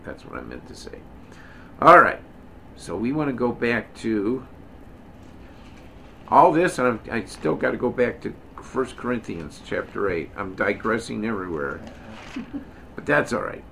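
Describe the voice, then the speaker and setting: A man's voice: lowish voice, big pitch swings, unhurried, gravelly, long pauses, a bit bright, slight background noise. A middle-aged man leading an informal Bible study, reading verses aloud with emphasis and drifting into digressions, self-corrections and joking asides. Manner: reads scripture aloud with emphasis. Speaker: Bible teacher.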